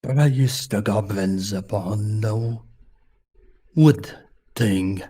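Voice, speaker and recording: A man voicing a gruff male polar bear with a put-on accent, speaking slowly and heavily. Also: fairly low pitch, dark tone, full character voice. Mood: solemn.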